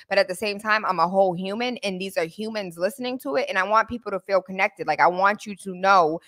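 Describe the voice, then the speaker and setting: A woman hosting a show, chatting casually and telling animated stories full of slang. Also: mid-range voice, fast, hardly any pauses. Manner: animated storytelling, lots of laughter and slang. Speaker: host. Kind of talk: casual chat.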